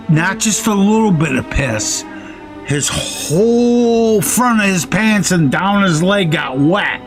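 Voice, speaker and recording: A man telling a rambling, profane story while playing a game. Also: fairly high pitch. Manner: profane, rambling anecdote with quoted threats. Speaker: gaming streamer. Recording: faint music underneath.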